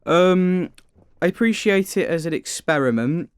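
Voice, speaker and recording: Cheeky teenage lad with a Manchester accent. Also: male voice, fairly high pitch, lively intonation, unhurried, smooth, no room sound, studio quality. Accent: Mancunian. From Greater Manchester. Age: teens. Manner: cheeky, chatty, stumbles over words. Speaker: studio guest. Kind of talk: radio interview. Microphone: studio microphone.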